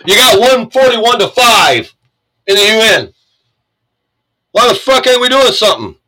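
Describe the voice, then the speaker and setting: A man's voice: high-pitched, big pitch swings, measured pace, sharp tone, low-quality recording. A man from the United States ranting angrily and sarcastically, swearing as he reacts to the news he reads. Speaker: commentator reading the news. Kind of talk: profane political rant.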